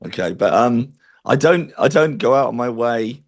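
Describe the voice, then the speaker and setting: A man's voice: medium pitch, expressive, moderate pace. A man interviewed as a spiritual medium, talking in an earnest, chatty way and telling stories. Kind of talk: interview conversation.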